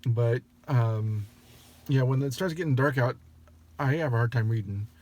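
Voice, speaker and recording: A man's voice: mid-range voice, moderate pace, darkish tone. A man reading a story aloud, then chatting casually and apologizing for slips and restarts. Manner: apologetic, self-correcting. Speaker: story reader.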